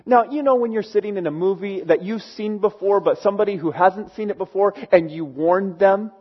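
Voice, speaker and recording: A man preaching, retelling a story in a casual, animated way and acting out the characters' voices. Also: high-pitched, fairly quick, muffled recording. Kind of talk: storytelling sermon.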